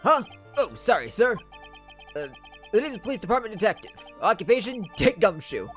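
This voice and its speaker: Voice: medium pitch, sing-song, fairly quick, a bit bright, faint music behind, pitched above the performer's own voice. A player doing a flustered cop with a Brooklyn accent. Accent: attempted Brooklyn. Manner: stammering, apologetic, clumsy put-on accent. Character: bumbling male police detective, loyal and flustered. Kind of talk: reading game dialogue aloud.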